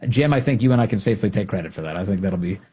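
Husky-voiced male talk show host. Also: low-pitched, animated, racing, mellow. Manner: joking, candid, frequent restarts and laughs. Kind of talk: casual political commentary.

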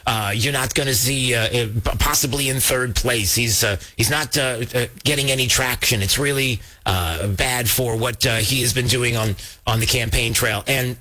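A man's voice: medium pitch, normal speed, hardly any pauses, bright, forceful tone. A man hosting a political talk show in a rambling, casual way with lots of filler words.

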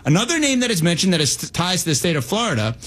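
A male sports radio host talks fast and animated, slipping into quoted asides. He sounds out of breath. His voice sits high for a man and has a husky, breathy edge.

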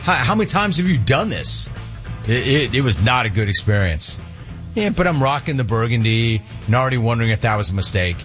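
A man telling a story in a casual, animated way, acting out the other people's lines with sudden jumps in pitch. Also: fairly quick, muffled recording, faint music behind.

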